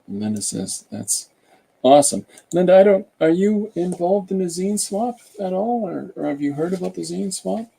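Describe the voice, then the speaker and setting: An older man chats casually as host of a live stream, wandering from thought to thought with plenty of hesitations. His voice is gravelly, very dark and a little husky. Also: sits high, animated, normal speed. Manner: rambling, hesitant, full of filler sounds. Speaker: podcast host. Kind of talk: casual livestream chat.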